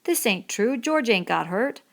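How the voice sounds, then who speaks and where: A woman's voice: mid-range voice, lively intonation, normal speed, natural voice. A woman reading the part of a big, childlike farmhand man who speaks simply and repeats himself, in an audiobook. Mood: anxious.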